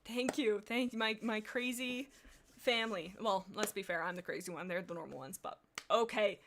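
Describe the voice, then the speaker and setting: A woman's voice: medium pitch, moderate pace, a bit bright, slight background noise. A woman hosting a livestream, chatting casually and reading aloud with bubbly, rambling asides. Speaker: livestream host.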